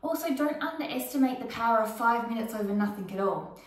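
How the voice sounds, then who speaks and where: High-voiced woman leading a workout, echoey. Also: lively intonation, fast. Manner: encouraging, cueing moves and counting time. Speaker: fitness instructor. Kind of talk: guided workout instruction. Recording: echoey room, mic far off, faint music.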